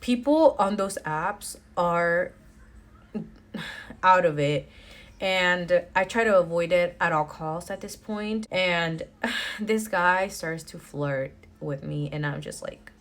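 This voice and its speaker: A woman's voice: on the low side, slow pace, fairly bright tone. A young woman addressing the camera in a casual storytime chat, full of fillers, y'alls and nervous laughs. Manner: chatty, filler-heavy with many likes and y'alls, nervous laughs. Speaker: storytime vlogger.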